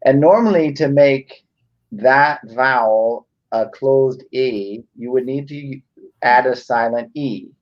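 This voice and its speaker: A man's voice: mid-range voice, takes it slowly. A man in a casual panel discussion, explaining speech sounds carefully and precisely. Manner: explaining, precise about words. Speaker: guest speaker. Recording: dull lo-fi sound.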